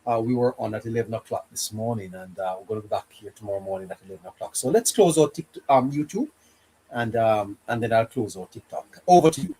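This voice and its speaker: A man hosting a live stream, upbeat and quick to laugh in casual chat. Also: fairly low pitch, slightly rough. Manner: lively, laughs often, upbeat.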